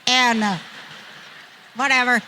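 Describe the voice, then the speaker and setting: A woman's voice: fairly high pitch, fairly even intonation, takes it slowly, sharp tone, slight background noise. An older woman, a guest on an interview show, telling a rambling, folksy, self-mocking story.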